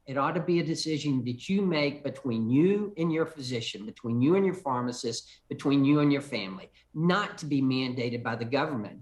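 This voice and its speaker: An older congressman answers call-in questions with insistent emphasis. He often stumbles and repeats the first words of a sentence. His speaking voice sits a bit high for a man.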